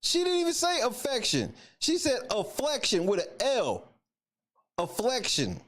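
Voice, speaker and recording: Male reaction host, incredulous and mocking, lively high voice. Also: moderate pace. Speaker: commentary show host. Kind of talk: live reaction commentary.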